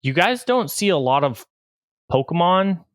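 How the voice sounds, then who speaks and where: A man's voice: high voice, big pitch swings, measured pace, no room sound. A man running a tabletop game as game master, narrating in a casual way with many fillers.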